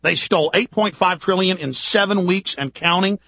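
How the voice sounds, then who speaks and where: A man hosting a radio talk show, delivering an urgent, ranting political monologue full of rapid-fire rhetorical questions. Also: sits high, vocal fry, bright, forceful tone, no echo, dull audio. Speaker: radio host.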